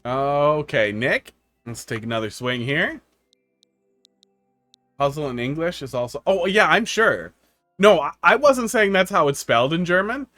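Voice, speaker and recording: A man's voice: a little high, lively intonation, measured pace, long pauses, bright, forceful tone, no room sound, soft background music. A man from the United States giving casual, joking live-stream commentary on viewer-made game levels, rambling and laughing often.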